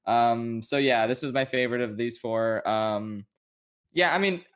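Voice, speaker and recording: A young man co-hosting a podcast, chatting casually about movies in an animated, incredulous way with frequent laughs. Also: mid-range voice, measured pace. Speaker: podcast co-host. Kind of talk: casual movie review chat.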